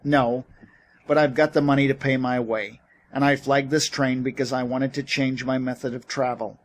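A man's voice: medium pitch, fairly even intonation, moderate pace, close to an everyday voice. A man reading as a one-armed war veteran, stubborn and insistent, pleading and pushing in a plain mid-range voice. It comes from a storybook reading. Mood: furious.

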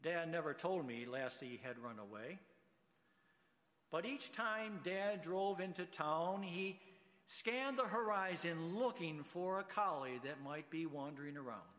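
A man, a guest preacher, telling a story in an unhurried sermon delivery. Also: on the high side, fairly bright tone. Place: church sanctuary with long reverb. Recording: reverberant church hall.

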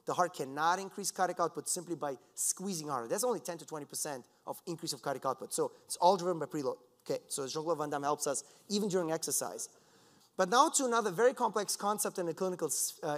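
A man giving a scientific conference talk, lecturing in a lively, conversational way with asides to the audience. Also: a little high. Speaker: conference speaker. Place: lecture hall.

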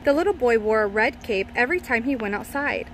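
A woman narrating a children's storybook aloud in a lively, playful way. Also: a little high, a little fast, a little hiss or hum.

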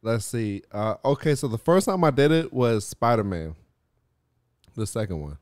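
Man, podcast host, smooth clear voice, dry close mic, animated and profane. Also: lowish voice, moderate pace, no room sound. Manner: animated storyteller, swears and laughs often. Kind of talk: casual chat.

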